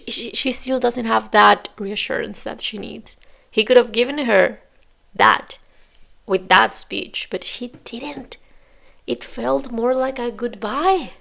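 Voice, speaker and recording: A woman's voice: on the high side, vocal fry, a bit bright. A woman hosting a reaction video, talking back at the screen in exasperated, casual commentary and sometimes dropping to a whisper.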